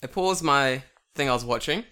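A young man telling a long story in a casual chat, animated and full of swearing. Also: medium pitch, normal speed, smooth.

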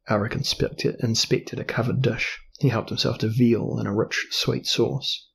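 A man reads a fantasy novel aloud in a steady way. His voice is gravelly, with a husky, slightly rough edge. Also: medium pitch, normal speed, few pauses. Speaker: audiobook narrator. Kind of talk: scripted fantasy narration.

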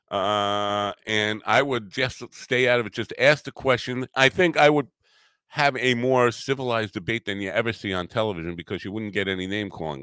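A man's voice: lowish voice, a bit bright, no echo. A man hosting a podcast, talking casually and at length, self-deprecating and full of fillers. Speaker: podcast host.

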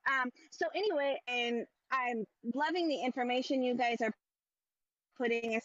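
A woman's voice: high-pitched, moderate pace, fairly bright tone, dry recording. A woman calling in from a car to a live audio room, hesitant and apologetic with many ums. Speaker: caller joining the room. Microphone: phone in a car. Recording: dull, choppy phone audio with faint music.

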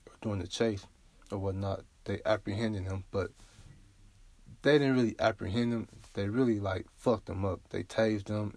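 A man's voice: lowish voice, dry recording. A man hosting a solo podcast, talking bluntly and profanely in a casual, unfiltered way, often asking "you feel me?". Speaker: podcast host.

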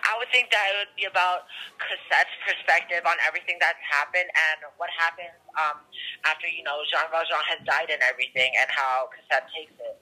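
Bright, piercing voice: a man playing a weepy, touchy phone-in fan, overdramatic and whiny in a call-in skit. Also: on the high side, fairly even intonation, a little fast, low-quality recording. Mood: indignant. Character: melodramatic weepy fan caller, overwrought and touchy. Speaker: caller.

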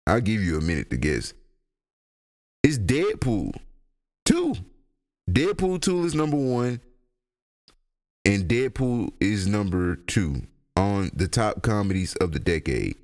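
Rambling stoned young man, lively voice. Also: low voice, unhurried. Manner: rambling, profane, laughs a lot. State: high. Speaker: podcast host. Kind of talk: casual solo podcast rant.

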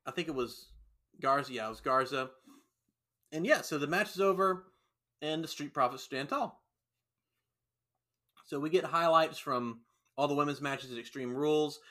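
A man hosting a casual podcast chat, telling a story with energy and acting out the lines of the people in it. His voice sits a touch high for a man and has a bright, forceful edge. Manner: animated storyteller, acts out quotes. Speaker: podcast host recapping wrestling.

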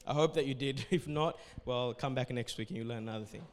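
A man's voice: mid-range voice, fast, in a large hall, slight background noise. A man preaching as pastor at a church service, giving earnest, repetitive exhortations and closing with a prayer.

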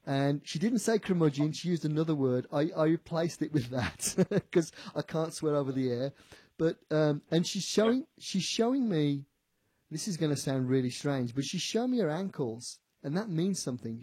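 A man working as a psychic medium on the radio, animated, often repeating himself and quoting what a spirit tells him. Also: fairly high pitch, moderate pace, slightly rough, no room sound. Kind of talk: on-air psychic reading. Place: radio studio.

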